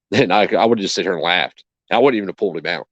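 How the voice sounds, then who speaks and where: Speaking fast in a low voice, a man hosting a channel's casual chat tells an indignant story full of swearing, playing both sides of the exchange. The audio is dull, dry and lo-fi, without echo.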